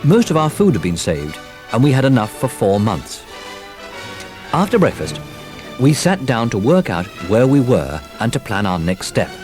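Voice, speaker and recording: A man narrating a children's storybook recording in a lively, expressive telling. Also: medium pitch, normal speed. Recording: old storybook record with music.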